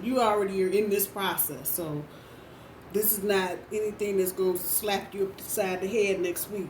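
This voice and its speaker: Blunt, profane woman reading tarot. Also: mid-range voice. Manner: blunt, profane, repeats phrases for emphasis. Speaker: tarot reader. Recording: roomy, distant mic, faint background noise.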